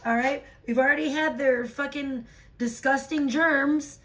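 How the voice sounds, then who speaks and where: A woman's voice: steady tone, unhurried. Profane, ranting woman livestreamer. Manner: profane, ranting, swings from low tired talk to loud outbursts. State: recovering from a sore throat. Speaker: livestream host. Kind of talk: casual livestream chat reading donations.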